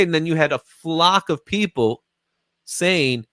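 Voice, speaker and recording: A man's voice: on the high side, normal speed, a bit bright, dry recording. A man hosting a comics market show, chatting casually and laughing often. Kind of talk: casual chat.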